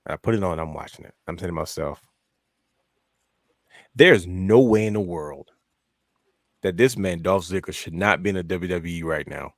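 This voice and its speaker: A man co-hosting a wrestling podcast, telling stories in a lively way and acting out his own reactions. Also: deep voice, quick pace, hardly any pauses, dry recording, clean studio sound. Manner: animated storyteller, acts out his own thoughts. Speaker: podcast co-host. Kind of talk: casual wrestling chat.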